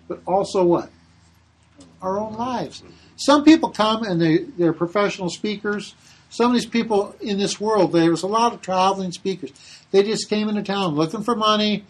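A pastor with a high, husky voice works through a Bible passage in an easygoing, chatty sermon. He leans on fillers, then reads the verses out with slow, rising emphasis on key words. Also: rough recording.

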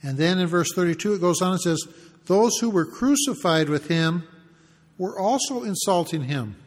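High-voiced man preaching in a reverberant hall. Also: lively intonation, moderate pace. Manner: conversational, acts out the mockers' taunts in asides. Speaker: pastor. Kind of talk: expository sermon.

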